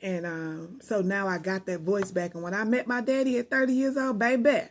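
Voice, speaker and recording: A loud, talkative woman recording an unedited personal reflection, rambling between laughter and tears with a sassy, direct edge. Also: mid-range voice, steady tone, normal speed, a little hiss or hum. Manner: emotional, laughing through tears. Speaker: vlogger reflecting on grief.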